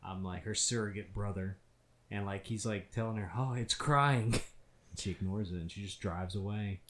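A man's voice: sits low, level tone, normal speed. A man co-hosting a casual podcast chat, joking and teasing. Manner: joking, teasing, laughs often. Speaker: podcast co-host.

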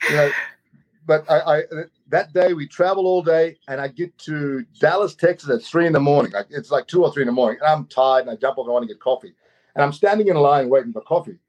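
Animated Australian man telling a story. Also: a little high, brisk. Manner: animated, repeats words, laughs while telling. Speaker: guest storyteller. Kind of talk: casual storytelling.

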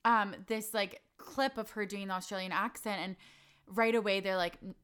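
A woman's voice: mid-range voice, steady tone, normal speed, fairly bright tone, clean tone. A young woman guest on a casual podcast, bubbly and rambling, leaning heavily on "like". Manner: bubbly, rambling, heavy use of "like". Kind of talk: casual chat.

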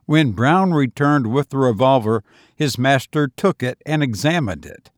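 Male narrator, steady storybook reading, mid-pitched, dead-dry recording. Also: unhurried, no room sound. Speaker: audiobook narrator. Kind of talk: scripted narration.

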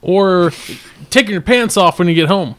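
A man's voice: high-pitched, moderate pace, fairly bright tone. A man hosting a podcast, reading out bracket picks between laughs. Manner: laughing, moderating. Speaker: podcast host. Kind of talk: casual chat.

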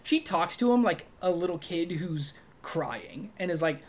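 A man co-hosting a casual movie review chat, talking animatedly and acting out quoted lines in a high voice. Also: animated, measured pace. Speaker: podcast co-host.

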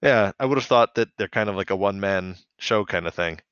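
A man's voice: on the low side, brisk, a bit bright, clean tone, no echo. Chatty guy podcasting about a cartoon, dry slightly muffled mic. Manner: chatty, acts out characters' lines. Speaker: podcast co-host. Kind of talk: casual chat recapping a cartoon episode.

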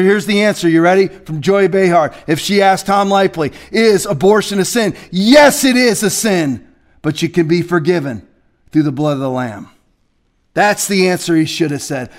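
A man preaching as a pastor in a studio, confrontational and fiery, swinging from quiet asides to shouted scripture. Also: sits high. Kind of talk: preaching sermon.

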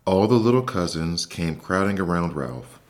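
A man hosting a bedtime story podcast, reading a children's book aloud in a soft, slow, soothing way. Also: low-pitched, expressive. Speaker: podcast host and narrator. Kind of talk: calm bedtime story narration.

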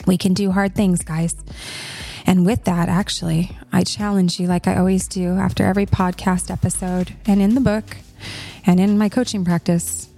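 A woman's voice: lowish voice, flat delivery, moderate pace, gravelly, warm tone, soft background music. A woman hosting a podcast and speaking to listeners in a tender, reassuring, emotional way. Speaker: podcast host and coach. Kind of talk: heartfelt podcast monologue.

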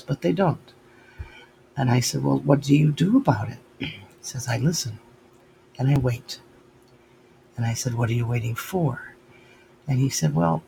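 Gravelly older man musing on prayer. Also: medium pitch, a little mellow, a little hiss or hum, poor audio. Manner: reflective and halting, retells talks with God. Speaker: speaker sharing spiritual reflections. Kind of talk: personal spiritual monologue.

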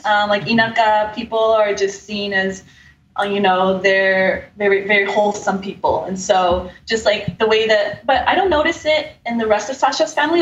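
A woman in casual podcast chat, explaining carefully with frequent ums and pauses. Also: mid-range voice, a bit bright, a little hiss or hum. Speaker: podcast guest explaining Japanese. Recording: echoey, distant, dull mic.

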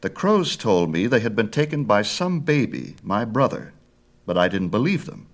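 A man's voice: lowish voice, big pitch swings, normal speed, pitched above the performer's own voice. A male reader voicing a proud, imperious sun god in a storybook myth, speaking with lofty disdain. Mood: haughty. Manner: haughty, imperious. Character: haughty, grand sun god, young man.

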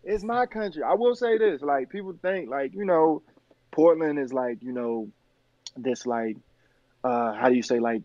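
A man's voice: mid-range voice, unhurried, no room sound, muffled recording. A young man, a podcast guest, telling stories in casual slangy chat with lots of fillers. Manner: slangy, animated storytelling with many fillers.

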